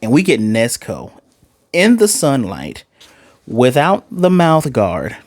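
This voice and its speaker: A man giving a casual, animated recap and reaction to an anime episode, acting out the characters' lines in quick asides. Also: mid-range voice, dry recording, studio quality. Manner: loose and chatty, with fillers and self-corrections. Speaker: anime reviewer.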